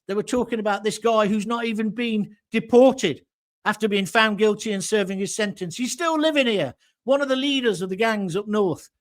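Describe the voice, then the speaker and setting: A man's voice: sits high, moderate pace. An older man, hosting a live reaction show from his home and ranting bluntly, with plenty of swearing. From England. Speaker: host.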